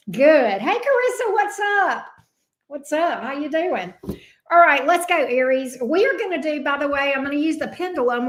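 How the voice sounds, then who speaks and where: A woman with a Southern US accent hosting a casual livestream as a tarot reader, greeting viewers by name in a chatty way. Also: high-pitched. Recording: roomy echo.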